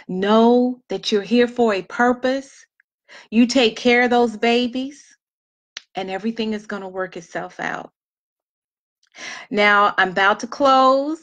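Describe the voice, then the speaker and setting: A woman's voice: on the high side, takes it slowly, pauses often, a bit bright. Earnest emphatic woman, emotional speaker. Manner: earnest, emphatic, repeats key phrases. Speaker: speaker addressing single mothers. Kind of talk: motivational talk to an audience.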